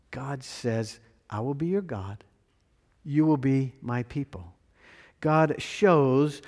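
A male pastor delivering a sermon in an unhurried, measured cadence, leaning on repetition. His voice sits a little high for a man. The sound carries a long reverb tail, as in a church sanctuary. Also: darkish tone. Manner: slow, measured preaching with repeated phrases.

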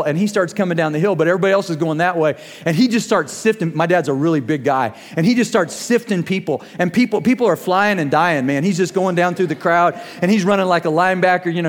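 A middle-aged man delivers a sermon in a slightly raised voice. He tells stories and acts out quotes, then slows down to press his points. A long reverb from the hall trails behind every phrase. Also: high-pitched. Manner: storytelling with acted quotes, slows for emphasis. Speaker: pastor.

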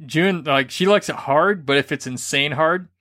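Animated man telling a racy story. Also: on the high side, moderate pace. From grew up Catholic. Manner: animated, laughing, acts out quotes. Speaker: podcast co-host. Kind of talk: casual storytelling chat.

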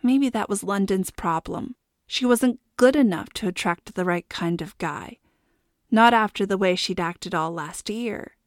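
A woman reads a novel aloud in a steady, expressive narration. Her voice sits at a middle pitch. The sound is close and dry. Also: a little slow, no room sound. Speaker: audiobook narrator. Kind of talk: scripted narration.

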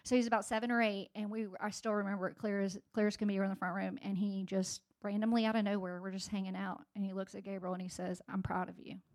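A woman in her forties shares a sermon with her church in an easy, conversational way. Her voice is gravelly with a flat, even pitch, and she often restarts her sentences. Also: fast talker, hardly any pauses. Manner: conversational, many fillers and restarts. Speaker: speaker at a church gathering. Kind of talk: sermon-style personal talk.

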